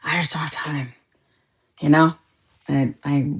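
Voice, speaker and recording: A woman's voice: low-pitched, a little slow, pauses often, breathy edge. A woman podcast host chatting casually with viewers on a live stream, joking and laughing often. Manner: animated, laughs often, jokey asides.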